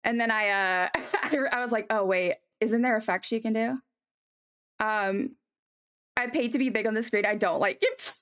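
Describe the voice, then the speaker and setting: A woman's voice: on the high side, moderate pace, fairly bright tone, smooth. A woman chatting casually on a live stream as she draws, rambling with many ums and answering chat.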